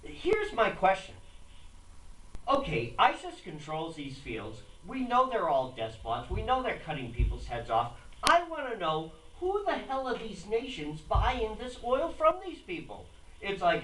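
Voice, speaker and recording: Animated streetwise male radio host. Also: high-pitched, measured pace, echoey room, far from the mic, low-quality recording. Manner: animated, streetwise, acts out mocking voices. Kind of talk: political talk radio.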